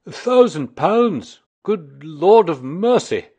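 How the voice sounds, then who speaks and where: A man reading aloud voices an excited, working-class male commissionaire who blurts out his news. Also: medium pitch, moderate pace, slightly rough. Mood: astonished. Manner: breathless, loud exclamations.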